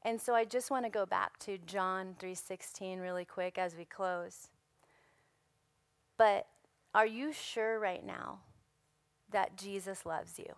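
A hoarse woman preaching a sermon to a women's gathering, earnest and emphatic, repeating phrases for weight. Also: mid-range voice, measured pace, no echo. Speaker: women's ministry speaker.

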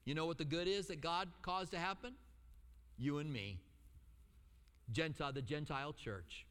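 Middle-aged pastor guy preaching, high voice, lots of acted-out quotes and jokes, big church echo. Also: normal speed, clear, resonant tone. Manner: animated storytelling with acted-out quotes and asides. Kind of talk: sermon.

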